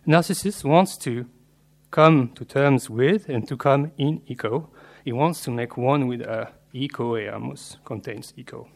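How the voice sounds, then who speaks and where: A man with a gravelly, slightly mellow mid-range voice reads an academic lecture on literature from a prepared paper. His delivery is measured and scholarly, with Latin and French terms woven in.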